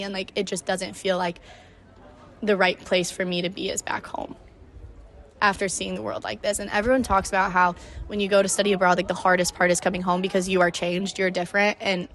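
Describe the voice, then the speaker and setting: A woman's voice: mid-range voice, little pitch movement, fairly quick. A young woman hosting her own podcast, chatting casually and emotionally about her travels, with lots of "like" in her speech. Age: young adult. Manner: chatty, emotional, heavy use of "like". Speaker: podcast host. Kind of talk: casual solo storytelling.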